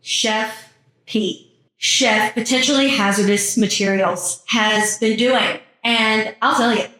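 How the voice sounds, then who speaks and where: A woman hosts her podcast in casual reaction commentary, chatty and full of teasing, sarcastic asides. Her voice sits a bit high and bright. She sounds set back from the mic in a very echoey room, with faint music underneath. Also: steady tone, slow pace. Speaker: podcast host.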